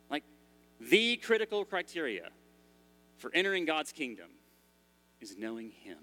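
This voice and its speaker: A man's voice: medium pitch, big pitch swings, a little fast, bright, forceful tone. A man preaching a sermon in a church as pastor, in a conversational style with frequent restarts.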